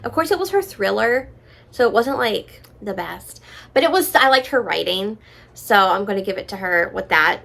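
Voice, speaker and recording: A woman casually chatting on her vlog about books she plans to read, full of "like" and "you know", dropping into soft, quiet asides. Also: medium pitch, lively intonation, normal speed, creaky. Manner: chatty, filler-heavy, drops into soft asides. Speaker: book vlogger. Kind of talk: casual book chat.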